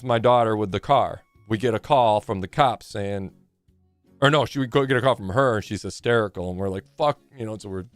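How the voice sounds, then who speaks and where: A man's voice: medium pitch, dry recording. A man in his forties chatting casually on a live game stream, rambling and joking with plenty of swearing.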